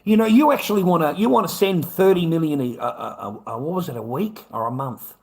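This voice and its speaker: A man's voice: a little high, expressive, brisk, creaky, darkish tone. A man with an Australian accent, ranting angrily and profanely at an unseen opponent on his livestream. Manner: angry, profane, lecturing.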